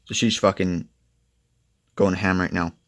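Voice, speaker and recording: A young man with a low, gravelly voice rambles through a comic review, swearing freely and tossing in "like" every few words. The sound is close and dry. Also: steady tone, unhurried, no room sound. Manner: rambling, profane, filler-heavy. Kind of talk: casual review chat.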